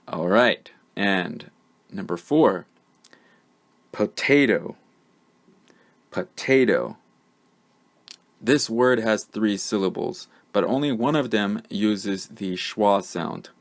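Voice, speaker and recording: A man teaching English pronunciation, patiently saying each word twice, with pauses and fillers between them. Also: fairly low pitch. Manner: patient, repeats words clearly with fillers. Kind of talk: slow, careful teaching.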